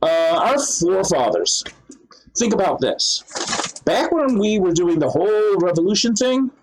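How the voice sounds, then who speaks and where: A man's voice: high-pitched, sing-song, a little slow, a little hiss or hum, poor audio. A man talking casually to the camera in a rambling way, with many fillers and restarts. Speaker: vlogger. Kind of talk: casual monologue.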